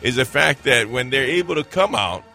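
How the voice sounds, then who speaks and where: Man, radio ministry host, bright sharp voice, jokey upbeat patter, faint music underneath. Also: mid-range voice, animated, normal speed, creaky. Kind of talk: casual radio talk. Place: radio studio.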